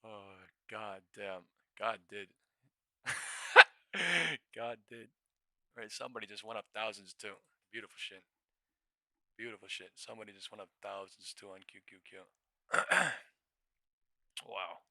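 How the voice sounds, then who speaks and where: A young man hosting a live stock trading stream, swearing freely and breaking into shouts and laughter between quick market calls on a new studio mic. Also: lowish voice, vocal fry, no echo. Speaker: day-trading livestream host. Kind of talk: excited live trading commentary.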